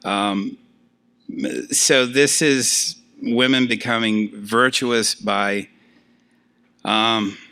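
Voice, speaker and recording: An older man, a professor, giving a conversational lecture to a class, with frequent fillers and lively asides. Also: lowish voice, very slow, long pauses, smooth.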